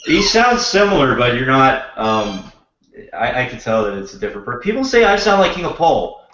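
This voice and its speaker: A man's voice: medium pitch, big pitch swings, moderate pace, fairly bright tone. Man on a voice chat, stuffy-nosed and sick, rambles with casual swearing; room echo. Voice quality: nasal, blocked nose. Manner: rambling, self-deprecating, swears freely. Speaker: panelist. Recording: roomy, dull lo-fi voice chat.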